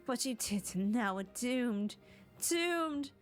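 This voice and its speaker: A woman voicing a frantic, grieving old mother, wailing and melodramatic with a rough put-on accent. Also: fairly high pitch, measured pace, over music, lightly acted. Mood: mournful.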